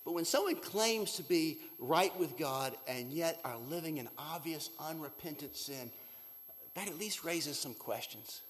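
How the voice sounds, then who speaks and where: A man preaching a sermon as pastor, shifting between hushed, whispered lines and loud, emphatic ones. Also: on the high side, expressive, unhurried. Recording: reverberant hall.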